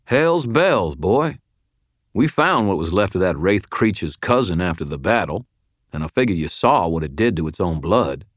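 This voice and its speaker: Give me a gruff old wizard mentor, voiced by a man reading an audiobook, blunt and drawling as he lectures his former pupil. The voice sits somewhat above the reader's own deep register, with a stern, folksy edge. The recording is dry and close. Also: very animated, normal speed, dry recording. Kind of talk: audiobook character voice.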